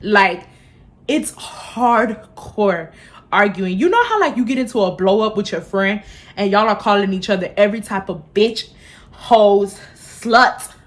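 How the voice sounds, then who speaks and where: A woman's voice: mid-range voice, a bit bright. A woman in her twenties from Houston, telling a heated, profane storytime on her vlog, recorded on a phone camera. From Houston, Texas. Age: 20s. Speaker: vlogger.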